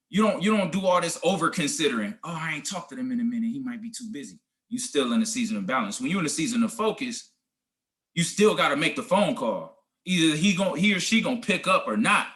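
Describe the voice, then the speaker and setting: Man pumping up his team on a call, slangy and preachy, higher voice with a hard bright edge. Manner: preachy, emphatic, slangy, addresses listeners as guys and family. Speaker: team leader coaching a business group. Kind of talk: motivational talk on a group call.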